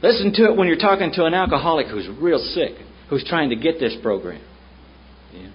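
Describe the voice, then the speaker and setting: A man's voice: fairly high pitch, lively intonation, a little fast, slightly rough. A man with a Southern American accent, speaking bluntly and with profanity at a recovery meeting. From United States. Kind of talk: storytelling talk at a meeting. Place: meeting room. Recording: muffled old tape with faint hiss.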